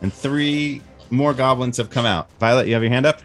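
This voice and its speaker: A man leads a tabletop game in an easygoing, chatty narration full of little fillers. His voice sits at an ordinary middle pitch, with faint music playing in the background. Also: moderate pace, a bit bright. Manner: casual, friendly, filler-laden narration. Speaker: game master.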